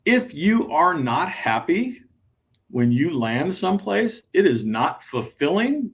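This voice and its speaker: A man co-hosting an advice podcast, talking in an animated way, acting out imagined conversations and checking in with "right?". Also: medium pitch. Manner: peppers sentences with "right?". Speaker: podcast co-host and transition advisor.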